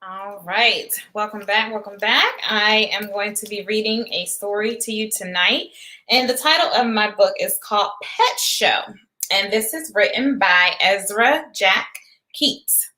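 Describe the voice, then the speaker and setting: A woman kindergarten teacher, chatting as a guest and then reading a story aloud to children in an animated, sing-song voice. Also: medium pitch, unhurried. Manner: guest in casual chat, with fillers.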